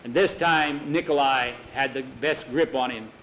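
A man's voice: mid-range voice, normal speed, fairly bright tone, slight background noise, rough recording. A man telling an adventure story aloud in a plain spoken way, with some restarts. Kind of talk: dramatic oral storytelling.

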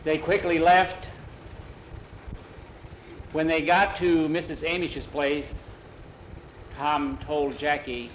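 A man telling a story aloud in an animated way, often repeating "he said". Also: fairly high pitch, slow, pauses often, echoey room, muffled recording, a little hiss or hum. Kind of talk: oral storytelling.

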